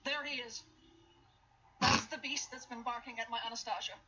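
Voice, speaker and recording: An actress playing an indignant, fussy neighbor complaining about a dog, heard in muffled TV audio with noise behind. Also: female voice, on the high side, fairly even intonation, normal speed, close to an everyday voice. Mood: accusing. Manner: accusing, huffy.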